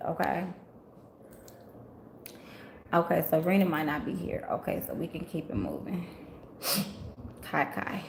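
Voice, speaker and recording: A woman from Memphis reads tarot cards on a live stream, chatting easily with her viewers and calling them honey. Her voice sits a little low and carries a gravelly edge. The sound has a roomy echo and a faint hum of ambient noise behind it. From Memphis, Tennessee. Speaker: tarot reader on livestream. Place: rental house, indoors.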